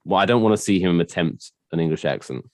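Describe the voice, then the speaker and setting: A man's voice: low voice, fast, no echo. A man co-hosting a podcast, teasing his partner in casual chat. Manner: teasing, animated. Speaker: podcast co-host.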